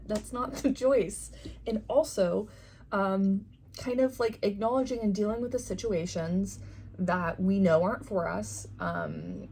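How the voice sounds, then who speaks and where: A young adult woman talking casually in a vlog, chatty and quick to laugh, with lots of fillers. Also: mid-range voice, a little mellow, a little hiss or hum. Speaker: tarot shop owner and vlogger. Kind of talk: casual chat.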